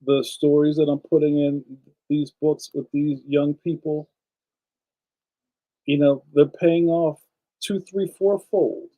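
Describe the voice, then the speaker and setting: A man's voice: on the high side, level tone, slow pace, pauses often, dark tone, low-quality recording. A man hosting a casual livestream, chatting enthusiastically and speaking straight to his viewers. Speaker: livestream host and cartoonist.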